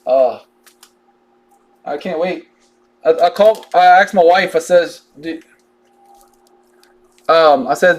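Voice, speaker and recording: A man's voice: fairly high pitch, takes it slowly, long pauses. A man chatting casually while he opens trading cards on a live break, drawling and joking as he reads out each card.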